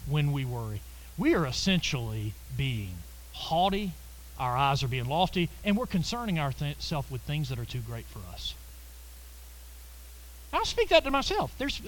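A man preaching a sermon, swinging between loud emphatic lines and hushed, quiet ones. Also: high-pitched, rough recording.

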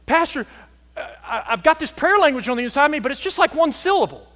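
A man's voice: very high-pitched, expressive, fast talker, pushed and bright, voice pushed up, full character voice. A man playing a nervous adult churchgoer who stammers and sounds unsure. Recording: hall reverb.

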